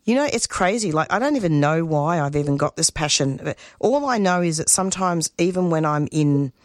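A woman, a community radio producer speaking as an interview guest, earnest and emotional, halting and restarting her sentences. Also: sits low, expressive, dry recording, clean studio sound. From Australia. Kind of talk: interview guest, spontaneous talk.

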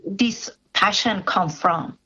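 A woman interviewing a guest on radio, calm, with short affirming replies. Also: medium pitch, slow, slightly rough. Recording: dull lo-fi recording.

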